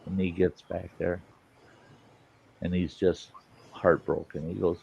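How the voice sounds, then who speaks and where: This late-night livestream host has a deep, husky, creaky voice with a dark tone and flat delivery, speaking a little slowly and pausing often. He chats casually and curses his way through a long joke, doing put-on voices, over muffled lo-fi stream audio.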